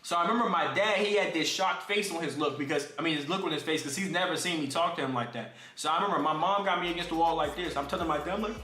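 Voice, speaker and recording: Bright, high-voiced young man telling stories. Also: fast, few pauses, reverberant. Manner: casual slang, talks straight to viewers. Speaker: streamer. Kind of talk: animated storytelling to a live chat.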